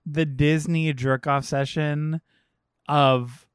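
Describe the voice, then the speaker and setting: A man's voice: a little high, fairly even intonation, slow pace, smooth, dry recording, studio quality. A man co-hosting a podcast, ranting sarcastically and profanely about a film in casual chat. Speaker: podcast co-host.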